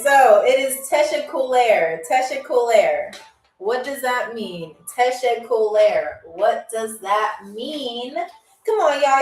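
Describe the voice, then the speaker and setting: A woman hosting a live-streamed trivia game. She is chatty and playful, and she repeats foreign words slowly for her viewers. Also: fairly high pitch. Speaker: game show host. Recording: echoey room, distant from mic, faint music.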